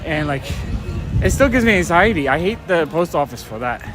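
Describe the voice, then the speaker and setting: A man's voice: a little high, big pitch swings, normal speed, fairly bright tone, soft background music. A man chatting casually while walking and live-streaming, talking in a rambling way and getting a little out of breath. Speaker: comic shop owner vlogger. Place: outdoors on a rainy city street at night. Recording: faint street and traffic noise.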